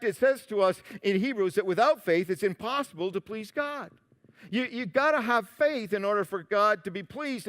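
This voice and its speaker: A male pastor preaching a sermon, animated, moving between loud emphatic lines and quiet asides. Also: high voice. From Canada.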